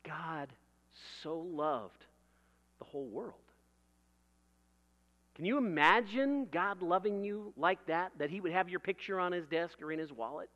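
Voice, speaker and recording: Man, sermon, high bright voice, conversational storytelling, hall reverb, dull lo-fi sound. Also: lively intonation, unhurried, long pauses. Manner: conversational, with vivid illustrations and laughter. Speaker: preacher.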